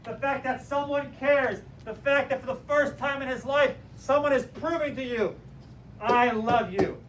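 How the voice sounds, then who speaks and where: Man, high-pitched, animated teacher, motivational, distant mic, faint background noise. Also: moderate pace. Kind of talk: storytelling lesson to a class. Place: classroom.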